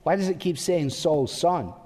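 A man's voice: fairly high pitch, measured pace, dark tone. Emphatic preacher man in a reverberant hall. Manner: emphatic, poses rhetorical questions to the listeners. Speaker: pastor. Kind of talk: sermon.

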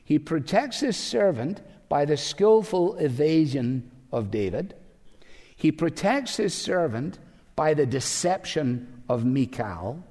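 A man's voice: a little high, sing-song, slow, warm tone. A man preaching a sermon as pastor, emphatic and full of rhetorical questions. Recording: long hall reverb.

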